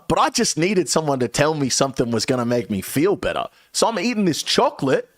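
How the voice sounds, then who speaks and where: A young man spins a story on stream, with his pitch swooping up and down as he swears his way through it. The sound is dry and close, with no room around his voice. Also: no room sound. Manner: animated, swears a lot. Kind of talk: casual storytelling.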